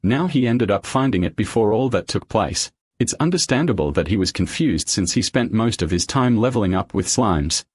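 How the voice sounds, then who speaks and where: Husky low-voiced man narrating a recap. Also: normal speed, hardly any pauses, no echo. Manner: steady storytelling recap delivery. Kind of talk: scripted narration.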